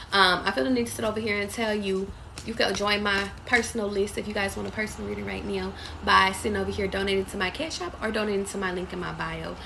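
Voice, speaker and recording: A woman's voice: medium pitch, creaky, sharp tone, slight background noise. A woman reading tarot live for her viewers, blunt and profane, calling them baby. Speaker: tarot reader. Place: away from home.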